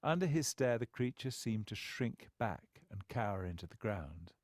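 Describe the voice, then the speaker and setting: A male narrator reads a story with lively, expressive intonation that swings widely. He tells it with a wry storyteller's touch. The recording is close and dry, with no room around it. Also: on the low side, moderate pace, no room sound. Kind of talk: scripted narration.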